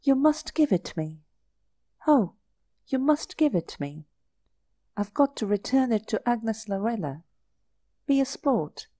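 A thrill-seeking young society lady with a raised, eager voice, as a woman reader puts her on. She coaxes and pleads in a breathless rush, the tone kept mellow. The recording is dry and close. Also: a little high, expressive, takes it slowly, pauses often, no room sound, voice pushed up. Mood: pleading.

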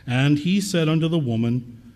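A man preaching a sermon in a church, reading scripture aloud and repeating key words for emphasis, with a slightly husky voice. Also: a little high, normal speed, a little mellow, long reverb tail.

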